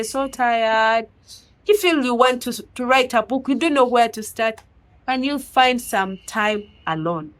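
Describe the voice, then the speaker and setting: A woman with a non-native English accent preaches an earnest motivational sermon. Her voice sits fairly high, and she presses her listeners with question after question. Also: fairly bright tone, low-quality recording. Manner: earnest, exhorting, with many rhetorical questions.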